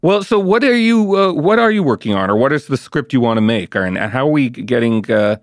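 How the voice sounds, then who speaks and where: A man's voice: medium pitch, big pitch swings, a little fast, no room sound, clean studio sound. A man hosting a casual interview podcast, asking friendly, admiring questions. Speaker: podcast host.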